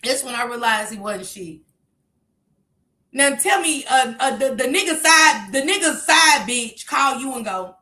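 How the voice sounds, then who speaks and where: High, bright-voiced woman ranting on stream. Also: animated, unhurried, reverberant. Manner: heated, profane, shouting in bursts. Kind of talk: casual livestream rant.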